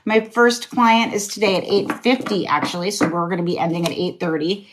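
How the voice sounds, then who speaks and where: Low-voiced casual woman reading tarot. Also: steady tone, fairly quick, noisy background. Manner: casual, encouraging, occasionally swears. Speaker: tarot reader. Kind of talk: live-stream card reading.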